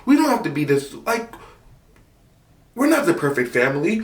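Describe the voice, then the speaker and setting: Young man, storytime vlogger, highish voice that leaps up when exasperated, recorded in an echoey room a little off mic. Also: fast, recorded from a distance. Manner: animated, voice jumping high in exasperation. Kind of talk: casual storytelling.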